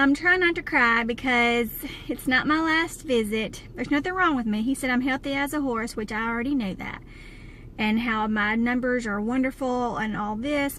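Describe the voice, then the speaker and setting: A woman's voice: on the high side, moderate pace, sharp tone. A woman with a Southern US accent, talking to camera with candid, plainspoken chat from inside a car. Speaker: vlogger. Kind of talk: casual talk to camera. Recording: clear car road noise.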